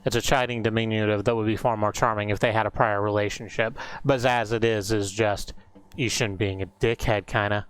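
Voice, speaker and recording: A man's voice: lowish voice, fairly even intonation, a little fast. A man streaming a game and chatting casually, thinking aloud with a wry manner. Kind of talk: casual gameplay commentary. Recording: game music behind.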